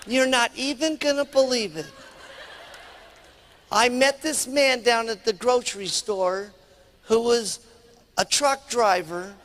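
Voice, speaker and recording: A man doing a soft, giggly wife. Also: extremely high pitch, slow pace, gravelly, pitched above the performer's own voice, full character voice. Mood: giddy. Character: eager, giggly young wife. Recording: long hall reverb.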